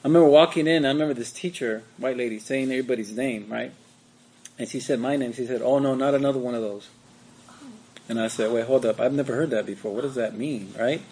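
Man, quick delivery, gravelly voice, conversational storytelling, faint ambience. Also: mid-range voice, darkish tone, a little hiss or hum. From California. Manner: conversational, says "right?" and "you know" often. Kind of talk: personal story in group discussion.

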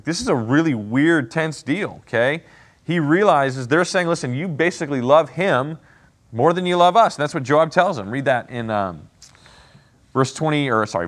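A man's voice: medium pitch, fairly bright tone. A man leading a Bible study, explaining the passage in a casual, conversational way and often checking in with "okay?" and "right?". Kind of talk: casual teaching with commentary.

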